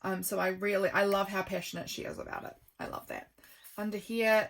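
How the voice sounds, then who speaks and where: A woman vlogger chatting through a journal flip-through, rambling and affectionate, with many ums and quiet trailing asides. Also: medium pitch.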